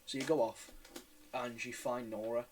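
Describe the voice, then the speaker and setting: A man's voice: mid-range voice, level tone, moderate pace, soft background music, low-quality recording. A man hosting a casual podcast chat, rambling and swearing with many restarts. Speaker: podcast host.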